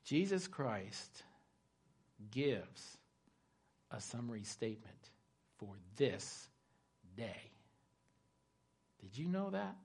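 A man preaching a sermon, retelling a scripture story dramatically and shifting between loud emphasis and hushed asides. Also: fairly high pitch. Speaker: pastor.

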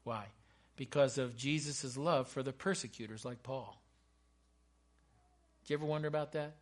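A man's voice: mid-range voice, moderate pace, pauses often. A man preaching a sermon with fervent emphasis, breaking into chatty asides to his congregation.

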